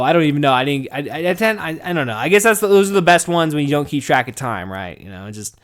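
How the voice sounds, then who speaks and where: A young adult man hosting a podcast from his garage office, rambling and profane, laughing a lot and swinging from mumbled asides to loud excited bursts. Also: on the high side, fast, few pauses, smooth. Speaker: podcast host. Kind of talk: casual podcast monologue.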